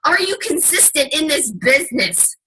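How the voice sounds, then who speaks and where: A woman's voice: sits high, very animated, moderate pace, pushed and bright, a little hiss or hum, rough recording. A woman giving a fired-up motivational talk to her team, emphatic and casually swearing. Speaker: team leader.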